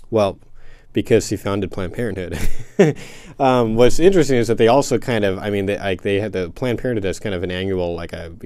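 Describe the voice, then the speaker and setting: A man's voice: fairly low pitch, darkish tone, smooth, no echo. A man giving casual spoken commentary in reply to a listener question, hesitant and full of fillers and restarts as he hedges carefully.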